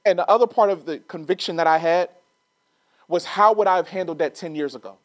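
A man's voice: high voice, fairly quick, no echo. A middle-aged man preaching a sermon, telling a personal story casually and then building to emphatic, rising preaching.

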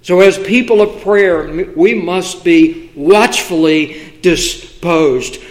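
A man preaching a sermon, with deliberate, emphatic delivery and measured pauses. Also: sits high. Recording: echoey room.

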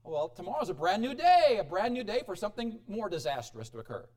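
A man preaching a sermon as pastor, animated, swinging between loud exclamations and quiet asides. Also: sits high, fairly quick. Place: church.

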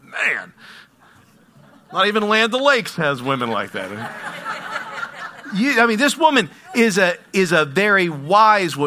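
A man preaching a sermon, animated and asking his listeners questions. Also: mid-range voice. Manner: animated, asks the audience questions. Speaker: pastor.

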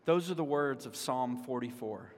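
A man's voice: mid-range voice, lively intonation, normal speed. A man preaching a sermon as pastor, earnest, with repeated words and restarts. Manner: dramatic shouts when voicing the psalm's cries. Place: church sanctuary. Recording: long hall reverb.

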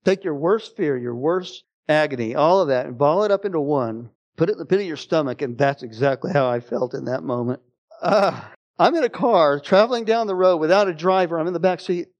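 Animated man preaching a sermon. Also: brisk, muffled recording. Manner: animated storytelling, rising to exclamations and dropping low and quiet. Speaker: pastor. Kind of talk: sermon storytelling. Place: church sanctuary.

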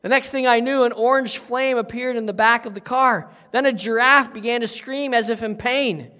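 A male pastor reading the part of an anxious young man who is fleeing a crime scene, breathless and rushed. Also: very high-pitched, sharp tone. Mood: urgent. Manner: breathless, talks in a rush. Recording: echoey hall.

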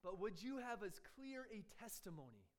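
High-voiced man preaching a sermon. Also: big pitch swings, normal speed. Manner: conversational, asks rhetorical questions, chuckles often. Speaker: pastor.

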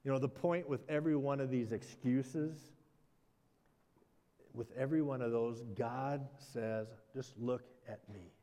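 A man's voice: mid-range voice, unhurried, long pauses, warm tone, in a large hall. A man, a pastor, preaching a conversational sermon, animatedly acting out the exchanges of a story and adding self-deprecating asides.

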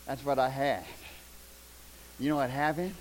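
An older man preaching a sermon, telling folksy stories, loud one moment and hushed the next. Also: medium pitch, measured pace, slight background noise, low-quality recording. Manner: folksy, animated, shouts punchlines, drops to hushed tones. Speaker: pastor. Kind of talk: sermon with storytelling.

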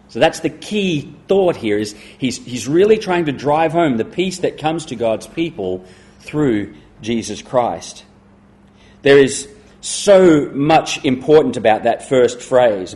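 Middle-aged guy preaching, leans hard on key words then goes quiet, mid pitch. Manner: emphatic, slows and drops to a hush on key words. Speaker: pastor. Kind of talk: sermon.

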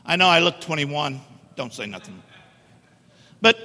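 Bright-voiced preacher in an echoey church. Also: male voice, on the high side, lively intonation, unhurried. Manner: emphatic, joking with the congregation. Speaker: guest preacher. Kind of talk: sermon. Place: church sanctuary. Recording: echoey church hall reverb.

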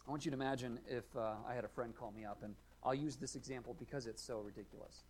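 A male pastor preaching a sermon, earnest, asking rhetorical questions, rising to emphatic points and dropping to quiet asides. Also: medium pitch, fairly even intonation, fast, slight background noise, low-quality recording. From United States.

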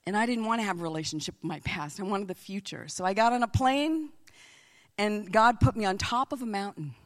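A woman preaching a sermon as a missionary speaker, telling stories with animation and dropping into hushed whispers. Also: mid-range voice, a little fast.

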